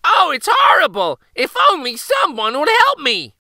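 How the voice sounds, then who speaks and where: A man voicing a mischievous young shepherd boy in a storybook read-aloud, shouting and cackling. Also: huge pitch swings, moderate pace, no echo, clean studio sound, full character voice. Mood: panicked shouting. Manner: shrill shouting and cackling laughs.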